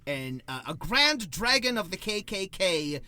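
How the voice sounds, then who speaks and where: A man with a high, bright voice leads a loose podcast chat about films. He is wry and sarcastic and swears freely as he talks. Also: very animated, unhurried, dry recording. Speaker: podcast host. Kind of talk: casual movie podcast chat.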